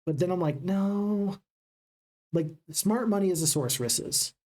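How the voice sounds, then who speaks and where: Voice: mid-range voice, expressive, a little fast, darkish tone. A gaming channel host giving upbeat, casual let's-play commentary and chatting with viewers.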